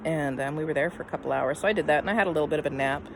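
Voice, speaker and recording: A middle-aged woman telling a personal story in a casual, rambling way, full of "um" and "I mean", often trailing off softly at the end of her thoughts. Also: low voice, rapid-fire, noisy background. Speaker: vlogger.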